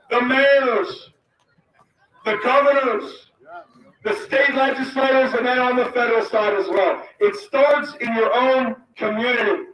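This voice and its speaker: A man's voice: extremely high pitch, muffled recording. A man speaking to a rally crowd, reading a list of names aloud, apologizing for mispronouncing them and pressing his points with emphasis. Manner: emphatic, calls out lines. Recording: roomy, distant mic, loud crowd.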